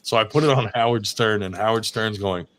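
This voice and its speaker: Profane, animated male storyteller. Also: fairly low pitch, a little fast. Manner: animated, swears a lot, acts out voices in his anecdotes.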